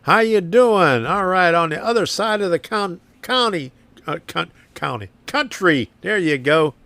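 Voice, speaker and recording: A man hosting a live stream from his garage, rambling and complaining, repeating himself, slightly hoarse and clearing his throat. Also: sits high, unhurried, pushed and bright, no room sound. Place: home garage workshop.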